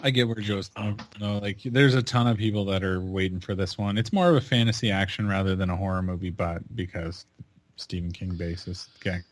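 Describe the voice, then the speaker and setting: A man on a podcast in casual chat, speaking in a measured, matter-of-fact way. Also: sits low, fairly even intonation.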